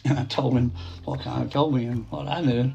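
A man's voice: medium pitch, fairly even intonation, fairly quick, gravelly, dull audio. A middle-aged man narrating a first-person story, rambling with restarts and asides. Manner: quoting others in a plain voice. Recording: soft guitar music behind.

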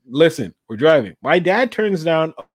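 A man from Canada telling a story in casual podcast chat, animated and laughing often. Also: fairly high pitch, moderate pace, breathy edge, dry recording, studio quality.

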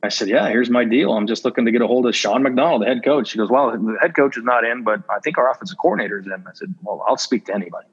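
A man's voice: mid-range voice, fast, hardly any pauses, husky. Candid man telling coaching stories. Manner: candid, acts out remembered conversations. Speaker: assistant football coach, podcast guest. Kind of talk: casual interview storytelling. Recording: dull lo-fi audio.

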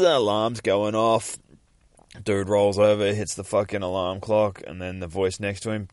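A man with a very low voice hosts a podcast, walking through a comic book in a loose, casual way. He rambles, swears freely and laughs as he goes. The recording is dry and close, with no room sound. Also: moderate pace, no echo. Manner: rambling and profane, laughing often. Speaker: podcast host.

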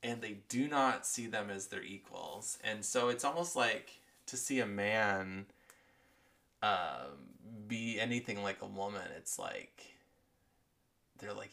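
Speaking slowly with vocal fry, a podcast host with a lowish, animated voice that sounds pushed and bright runs through a casual monologue. He swears, rambles, and leans on filler words, his voice touched by allergies.

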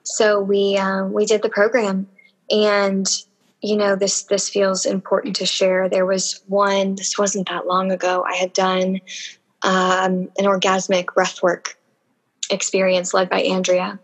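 Husky-voiced woman telling an intimate story. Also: mid-range voice, monotone, measured pace, poor audio. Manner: emotional, intimate and earnest. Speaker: guest. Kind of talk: candid personal storytelling.

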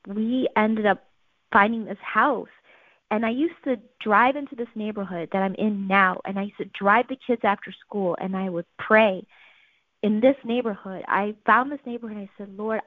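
A woman telling her life story in an earnest, animated way, acting out the quotes. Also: medium pitch, dry recording. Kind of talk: personal storytelling. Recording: tinny phone-like sound, dry.

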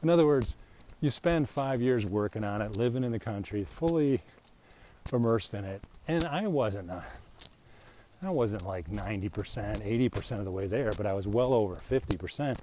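This middle-aged vlogger sounds animated and mellow, with a fairly low pitch and normal speed, as he chats opinionatedly on a walk outside. Holding a mic, he wanders from point to point, often laughing, against light hiss or hum.

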